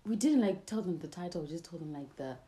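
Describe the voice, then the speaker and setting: A woman's voice: on the low side, expressive, quick pace, dark tone. A young woman co-hosting a casual chat podcast, giggly and rambling, recorded on a phone. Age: young adult. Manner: giggly, rambling with many likes. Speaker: podcast co-host.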